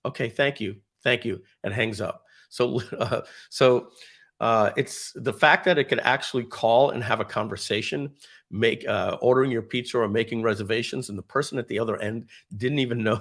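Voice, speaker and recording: A man with a low, gravelly voice presents a casual live stream from his computer. He rambles with enthusiasm, full of fillers and restarts, and acts out bits of dialogue as he goes.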